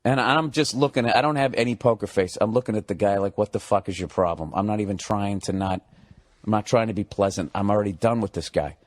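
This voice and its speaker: A man telling a story as a stand-up comedian, profane and ranting, building up to loud outbursts. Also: fairly low pitch, quick pace.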